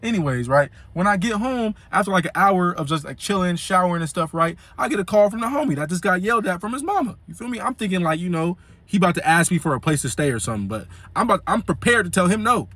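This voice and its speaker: A young man vlogger telling a story casually, full of slang and fillers, animated. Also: high voice, quick pace, no room sound.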